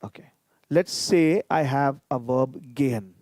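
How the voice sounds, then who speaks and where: A man's voice: mid-range voice, a little slow, darkish tone, dry recording. A man teaching a live online grammar lesson, explaining patiently and repeating each example. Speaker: language teacher.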